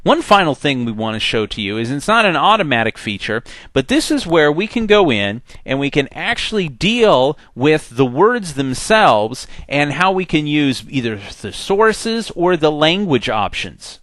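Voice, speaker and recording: A man teaching a software tutorial in a chatty way, acting out the program's messages in little voices. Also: a little high, very animated, a little slow, hardly any pauses, no echo. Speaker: software instructor. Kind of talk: screen-recorded software tutorial.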